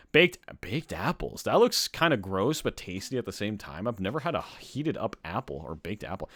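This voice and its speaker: A man hosting a casual live-streamed podcast, reading a list aloud and breaking off into loud, excited reactions. His pitch jumps all over the place, from low mutters to high exclamations. He is hungry and says so often. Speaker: podcast host.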